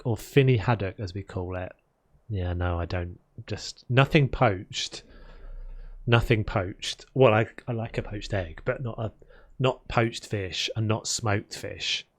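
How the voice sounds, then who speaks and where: A man streaming a video game, chatting casually and rambling between topics as he builds. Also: lowish voice. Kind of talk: casual chat while playing.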